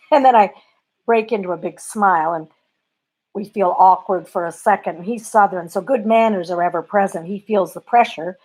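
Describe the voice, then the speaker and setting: A comic storyteller from Canada, telling a bedtime story in a wry, conversational, self-deprecating way. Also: female voice, medium pitch, normal speed, a little mellow.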